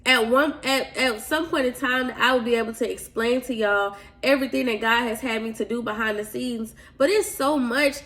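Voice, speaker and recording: A woman's voice: fairly high pitch, normal speed, few pauses, fairly bright tone. Earnest woman sharing faith testimony. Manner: earnest, confiding, addresses listeners as y'all. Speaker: podcast host.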